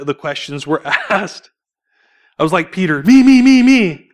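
A young adult man giving a church testimony, telling his story in an animated, informal way, laughing often and acting out what people said. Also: on the high side, clear, resonant tone. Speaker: church speaker sharing testimony. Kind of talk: sermon testimony.

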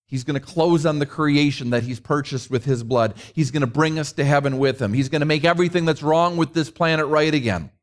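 A man's voice: fairly high pitch, brisk, few pauses. A middle-aged man preaching a conversational sermon, mixing rhetorical questions with personal stories. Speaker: pastor.

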